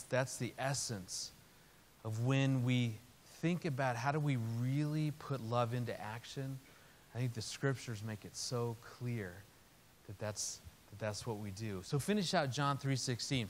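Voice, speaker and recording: A man's voice: medium pitch, a little hiss or hum. A man telling a family story in a sermon, acting out the voices of the people in it. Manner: animated storyteller, acts out quotes. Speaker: speaker. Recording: hall reverb.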